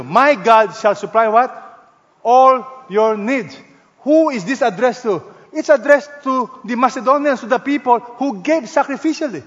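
A man with a high-sitting voice preaches a sermon as pastor in a large hall, and the recording's highs are cut off. He leans hard on stressed words, swinging between loud emphasis and hushed, slow phrases.

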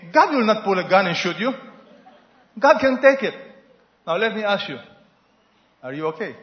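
A man preaching a sermon with lively storytelling, who asks the congregation questions and has them repeat after him. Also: high-pitched, normal speed, long pauses. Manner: animated preaching, call-and-response questions to the congregation. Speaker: pastor. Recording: echoey, slightly dull hall recording.

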